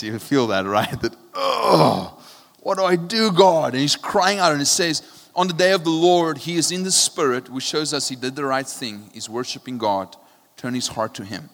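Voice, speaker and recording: Recorded with a long hall reverb, a male pastor delivers a passionate sermon. His voice ranges from low and quiet to loud, and he frequently checks in with "right?".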